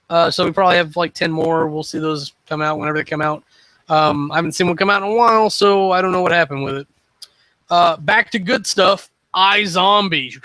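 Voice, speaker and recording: A man's voice: high-pitched, pushed and bright, no echo, rough recording. A man hosting a casual solo podcast, rambling through his opinions on shows with many ums and restarts. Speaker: web show host.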